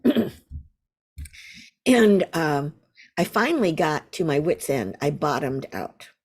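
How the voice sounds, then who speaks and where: Older female guest, lively storyteller, low-ish voice with a wide swing. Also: slow pace, breathy edge. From United States. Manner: animated, vivid storyteller. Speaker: Zen teacher, guest. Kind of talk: storytelling in an interview.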